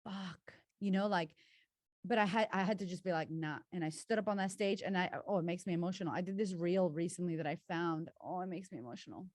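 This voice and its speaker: A woman's voice: fairly low pitch, fast talker, darkish tone, no room sound. A woman guest talking candidly and expressively, swearing freely as she tells her story. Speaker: guest, confidence coach. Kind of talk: candid casual conversation.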